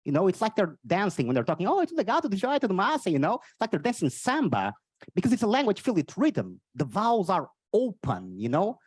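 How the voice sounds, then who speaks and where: A man from Portugal with a Portuguese accent doing a stand-up comedy set and chatting with the crowd. He swings between high exclamations and low muttered asides. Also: wildly swooping pitch, brisk, a little mellow, breathy edge, dry recording. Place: live comedy venue.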